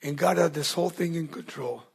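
A male pastor preaching a verse-by-verse sermon, emphatic and swinging between loud and hushed, often asking his listeners rhetorical questions. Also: fairly high pitch, brisk, gravelly, slightly rough. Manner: asks the congregation rhetorical questions.

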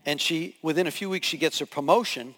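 A male pastor delivers a sermon as a story, acting out the scenes with voices as he goes. His voice sits high. The sound carries the long reverb of a large hall. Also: fairly quick. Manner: animated, acts out scenes with voices.

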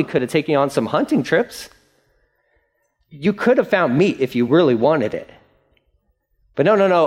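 A man preaching as a pastor, casual and jokey, acting out the grumbling of the people in quick bits of voice. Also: on the high side, husky. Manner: lively, jokey, acts out voices of complainers. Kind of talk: sermon.

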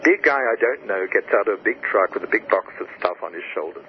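A man, an author being interviewed, telling stories and teaching by example with lively enthusiasm and frequent restarts. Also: fairly low pitch, fairly quick, phone-quality sound, slight background noise. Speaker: author and guest. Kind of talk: animated storytelling interview answers.

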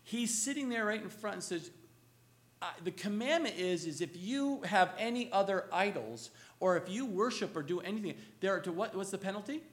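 A male pastor preaching a sermon, asking the congregation questions and swinging between loud, emphatic lines and hushed, slow ones. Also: high-pitched, animated.

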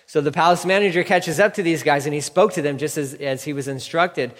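A male preacher reads scripture, then drops into conversational commentary and drives his points home by repeating them. His voice sits a little high for a man. The sound rings out with the long reverb of a large hall. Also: brisk. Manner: conversational asides, emphatic repetition. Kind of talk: sermon reading scripture with commentary.

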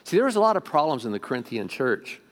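A male pastor delivers a sermon to his congregation in a church, his voice at an everyday middle pitch. He is animated, jumping from loud, emphatic lines to low, quiet asides. He keeps turning to the room with direct questions. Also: fast talker. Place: church sanctuary before a congregation.

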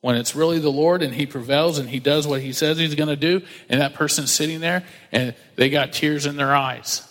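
A man's voice: fairly high pitch, a little fast, a bit bright, big-room sound. A male pastor preaching a sermon in a casual, conversational storytelling way, acting out quotes with slang.

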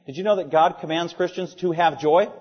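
A pastor preaching a sermon with emphasis, asking rhetorical questions and repeating phrases for stress. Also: male voice, on the high side, fairly quick. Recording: dull sound, long hall reverb.

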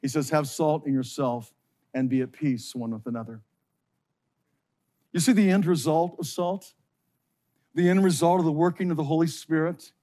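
A pastor preaching a sermon to his congregation, slowing down and stressing key phrases with passion. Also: fairly high pitch, dark tone.

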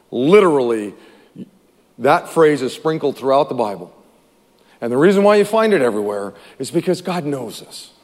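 A male pastor preaching a sermon, with a higher-than-usual voice. He talks in an animated way, acting out voices and swinging from loud to hushed. A long hall reverb trails his words.

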